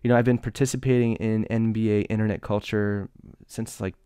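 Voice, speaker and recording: A man's voice: lowish voice, level tone, fairly quick, mellow, clear, resonant tone, no echo, studio quality. A man in his thirties hosting a podcast, chatty and self-deprecating, joking between topics. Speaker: podcast host. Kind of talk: casual podcast monologue and interview.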